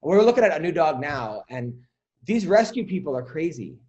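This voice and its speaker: Male podcast host, comic and rambling, slightly high voice. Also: sing-song, moderate pace, darkish tone, dull audio. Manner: joking, rambling, swears. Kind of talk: casual comedic chat.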